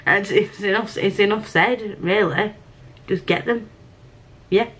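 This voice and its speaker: A woman book vlogger chatting casually through a mail unboxing, gushing and excitable, with casual swearing. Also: mid-range voice, measured pace, husky. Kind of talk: casual unboxing and reading vlog.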